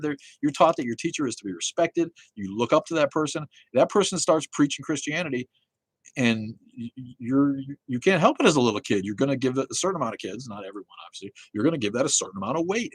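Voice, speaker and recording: A man's voice: medium pitch, slightly rough, no room sound. A man from Connecticut hosting a live stream, ranting and chatting with viewers in a profane, heated way. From Connecticut, USA. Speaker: livestream host. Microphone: phone.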